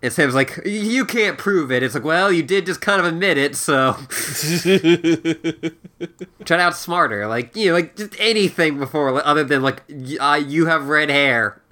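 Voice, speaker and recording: A man with a bright, fairly high voice chats on a casual podcast. He rambles, stacking fillers and restarting his sentences. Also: moderate pace. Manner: rambling, full of likes and restarts. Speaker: podcast co-host. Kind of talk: casual chat.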